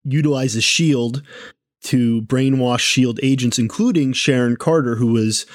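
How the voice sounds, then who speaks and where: A man's voice: medium pitch, unhurried, dry recording, clean studio sound. A man co-hosting a casual podcast, talking with many fillers and restarts. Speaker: podcast co-host.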